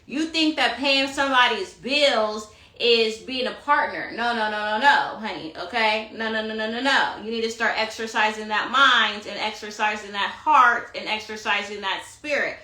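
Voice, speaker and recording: A woman's voice: on the high side, moderate pace, few pauses, sharp tone, echoey room. A woman giving a tarot reading on a phone live stream, sassy and profane, preaching self-love and calling her listeners honey. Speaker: tarot reader. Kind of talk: Instagram live astrology rant.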